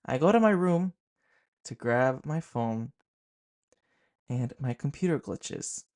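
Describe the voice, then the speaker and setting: A young man casually recounting a scary night in a vlog, with an animated, dramatic delivery and lots of "like". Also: medium pitch, takes it slowly. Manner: animated, fillers of "like", dramatic retelling. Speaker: horror storyteller host.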